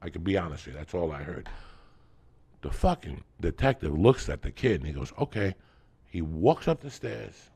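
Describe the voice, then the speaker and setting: A middle-aged man from New Jersey with a gravelly voice, telling a profane, animated story in casual chat and acting out the voices. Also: sits low, normal speed. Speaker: podcast host.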